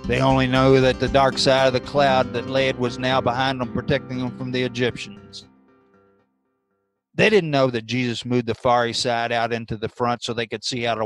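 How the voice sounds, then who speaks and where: A man teaching a church Bible class, deliberate and repeating his key lines for emphasis. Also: mid-range voice. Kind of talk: Bible lesson.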